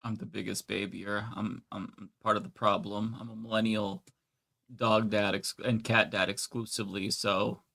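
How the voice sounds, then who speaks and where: A man's voice: lowish voice, level tone, normal speed, vocal fry, pushed and bright, no echo, studio quality. A man in his thirties co-hosting a casual live stream, easygoing and agreeable, laughing often.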